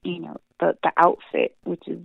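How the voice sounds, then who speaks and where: Woman interview guest, gravelly and animated, salty language, thin phone-line sound. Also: fairly low pitch, normal speed, no room sound. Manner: animated, swears freely, laughs often. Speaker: comic book writer, guest. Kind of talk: casual interview chat.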